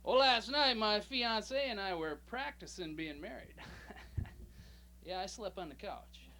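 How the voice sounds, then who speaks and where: A man doing a short stand-up set at a comedy club, delivering his jokes with a dry, deadpan touch. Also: high voice, measured pace. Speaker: stand-up comic. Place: small comedy club stage, audience laughing.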